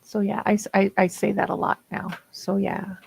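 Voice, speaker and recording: A woman's voice: mid-range voice, little pitch movement, moderate pace, vocal fry, a little mellow, husky, poor audio. A woman in her fifties with a Minnesota accent, chatting casually and laughing often while hosting writing sprints. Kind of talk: casual livestream chat.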